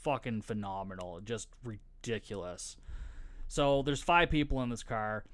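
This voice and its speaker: A man's voice: lowish voice, a little slow, fairly bright tone. Swearing, joking podcast host man. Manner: profane, joking, laughs often. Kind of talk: casual movie recap.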